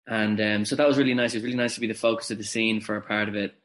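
A man actor on a podcast, talking haltingly about filming, with frequent restarts. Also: lowish voice, level tone, fairly bright tone. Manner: halting, restarts often, self-deprecating. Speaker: actor guest. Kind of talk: casual podcast interview.

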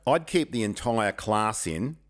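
Middle-aged male teacher co-host, lower voice, frank and animated storyteller. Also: measured pace. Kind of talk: casual chat.

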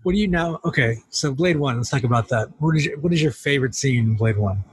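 A man's voice: medium pitch, fast talker. A man co-hosting a podcast, chatting casually and joking, often laughing and acting out little scenes. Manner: jokey, laughs often, acts out bits. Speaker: podcast co-host. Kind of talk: casual chat.

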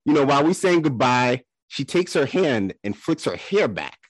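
A man co-hosting a podcast, telling embarrassing stories in a casual, animated way and acting out the voices in them. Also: medium pitch, normal speed, dry recording. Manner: animated, laughing storyteller who acts out quotes. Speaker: podcast co-host.

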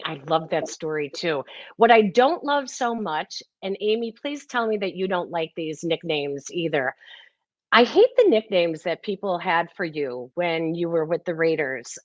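A woman interviewer asking questions in an animated, openly reacting conversational way. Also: on the low side, no echo. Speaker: interviewer, host. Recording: dull lo-fi audio.

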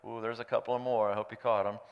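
A man's voice: lowish voice, quick pace, smooth, big-room sound, lo-fi sound. A man preaching, reading scripture aloud and adding playful, joking asides. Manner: playful, animated storyteller who jokes aside. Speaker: pastor.

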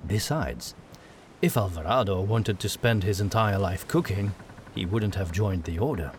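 A man voicing a thoughtful, wary young male initiate who speaks in a quiet, measured way. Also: fairly low pitch, slight background noise, natural voice.

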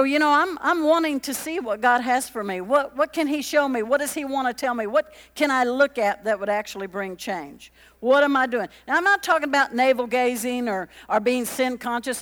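A woman preaching a lively, conversational sermon, chatty and joking with the congregation as she acts out little quotes. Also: high-pitched, long reverb tail.

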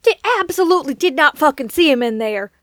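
An excitable woman at a game table who swears freely as she reacts. Her voice sits high, and the mic is close and dry. She speaks in quick bursts. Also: no room sound. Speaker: player. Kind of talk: casual tabletop play chat.

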